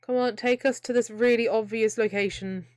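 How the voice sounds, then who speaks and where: A woman's voice: a little high, fairly even intonation, normal speed, darkish tone, dry recording. A young woman giving chatty, jokey live commentary while she plays a video game, often breaking into laughter. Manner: chatty, giggly, jokey asides. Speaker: streamer playing a video game.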